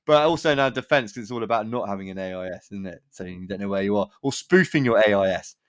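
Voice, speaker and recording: A man's voice: lowish voice, fast talker, no room sound. Guy hosting a podcast, chatty and sweary, dry close sound. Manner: chatty, swearing, laughs while telling stories. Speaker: podcast host. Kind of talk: casual chat.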